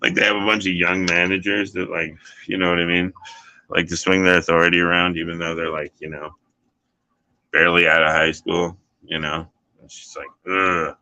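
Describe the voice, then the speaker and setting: A man's voice: low voice, flat delivery, normal speed, bright, forceful tone, rough recording. A man, a dishwasher, talking in casual chat, rambling and swearing with lots of "you know" and "like.".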